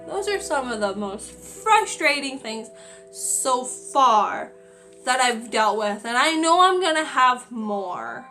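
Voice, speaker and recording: A young woman in her twenties chats through a storytime vlog, exasperated and full of "like." Her voice sits high and bright with a crisp edge, and faint music plays underneath. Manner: chatty, exasperated, many "like" fillers. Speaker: retail worker.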